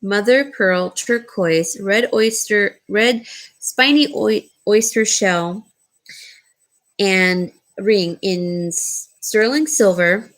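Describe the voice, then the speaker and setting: A woman's voice: mid-range voice, slow pace. A woman casually showing and describing jewelry for sale, rambling with frequent ums and restarts. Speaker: jewelry seller. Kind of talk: casual jewelry showcase talk.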